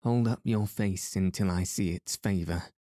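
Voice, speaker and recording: A man's voice: sits low, unhurried, dark tone, dry recording, clean studio sound. A man reading as a harsh, stern medieval duke. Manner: harsh, curt.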